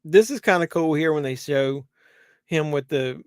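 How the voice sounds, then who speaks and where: Brief: male streamer, slightly high voice, casual rambling commentary, dry close sound. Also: moderate pace, clear, resonant tone, no room sound. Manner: rambling, conversational, many fillers and restarts. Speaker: host. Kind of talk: casual live watch-along commentary.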